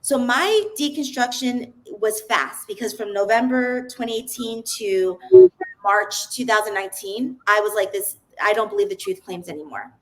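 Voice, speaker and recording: A woman's voice: fairly high pitch, normal speed, a bit bright, poor audio. A woman, a podcast guest, telling her personal story in an earnest, open way, often restarting her sentences.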